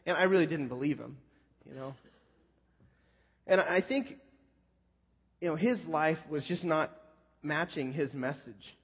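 A man's voice: fairly high pitch, unhurried, pauses often, breathy edge. A man telling a personal story as a pastor in a sermon, talking in a loose, conversational, self-deprecating way full of fillers. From California Central Coast. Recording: muffled sound with long hall reverb.

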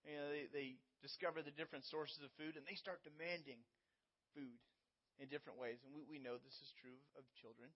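A man's voice: fairly high pitch, fairly even intonation, fairly quick, lo-fi sound. A man preaching a sermon as pastor, explaining scripture in an earnest teaching manner with everyday illustrations.

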